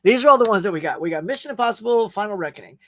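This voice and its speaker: A man's voice: high-pitched, animated, rapid-fire, fairly bright tone. A man hosting a casual live chat show, rambling in a friendly, talkative way as he answers viewer comments. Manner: rambling, chatty, friendly, with frequent fillers and laughs. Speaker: host.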